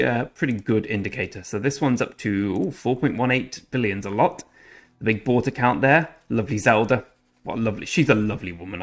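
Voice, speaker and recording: A man rambling through casual commentary over his strategy game, often correcting himself mid-sentence. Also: on the low side. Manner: chatty, rambling, self-correcting. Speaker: gaming channel host.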